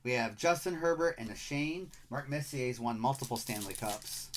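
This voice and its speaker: A middle-aged man with a Michigan accent hosts a live stream, talking at an ordinary pitch in upbeat, chatty patter. He rattles off player names as he opens packs. A faint hiss sits behind his voice. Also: expressive, moderate pace. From Michigan, USA. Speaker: card break streamer.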